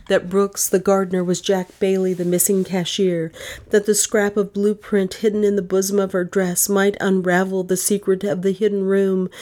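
A woman reading a mystery novel aloud in measured, dramatic narration. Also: lowish voice, darkish tone. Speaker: audiobook narrator.

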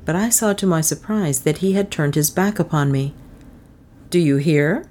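A woman reading a classic novel aloud as an audiobook narrator, in a measured, even storytelling manner. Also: low voice.

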